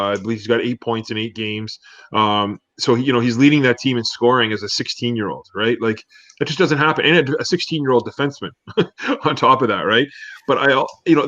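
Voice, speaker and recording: A man's voice: medium pitch, fairly bright tone. A man co-hosting a sports talk show, chatting casually and telling rambling stories with lots of fillers. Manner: rambling, many fillers, storytelling. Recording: dull dry lo-fi audio.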